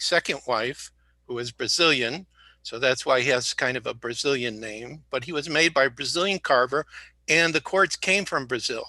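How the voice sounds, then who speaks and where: A slightly sick man chatting as a guest in a bright, tense-edged voice. He rambles, tells jokes and backtracks mid-sentence. The sound is dry and close, with no room behind it. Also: mid-range voice, creaky, no room sound. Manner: rambling, jokey, self-correcting. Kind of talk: casual interview talk.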